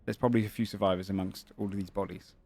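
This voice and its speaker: A man's voice: low-pitched, fairly even intonation, racing, darkish tone, breathy edge. A man running a tabletop game as game master, describing scenes at length with frequent fillers and self-corrections.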